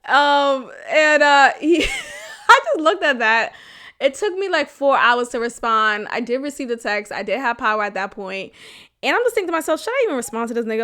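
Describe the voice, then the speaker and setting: A woman hosting a podcast, telling a personal story in a candid, animated way, swearing freely and laughing often. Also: sits high, brisk. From Boston area, US. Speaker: podcast host.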